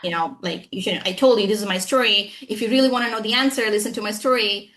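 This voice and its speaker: A woman English trainer with an acquired American-style accent gives a conversational interview, speaking emphatically and frequently asking "you know what I'm saying." Her voice is mid-range and fairly bright, and she talks quickly.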